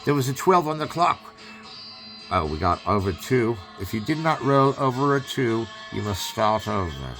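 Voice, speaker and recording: A man's voice: medium pitch, very animated, normal speed, fairly bright tone, faint music behind. A man hosting a film riff, rambling in improvised commentary that moves between mock-solemn chanting and joking asides. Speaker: host riffing over a film.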